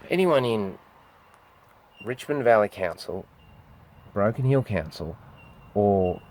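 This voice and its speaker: A man's voice: lowish voice, fairly bright tone. Swearing, rambling Australian man. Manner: rambling, heavy swearing, acts out what others said. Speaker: street performer with a goat. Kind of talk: casual storytelling to camera.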